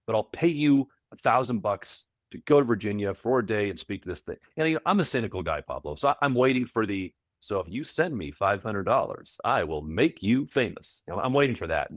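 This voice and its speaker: A man who coaches property managers, a podcast guest telling stories in a casual interview, animated and often repeating words as he restarts. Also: lowish voice, fairly quick, few pauses, no echo, clean studio sound. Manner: animated, repeats words, acts out quoted voices.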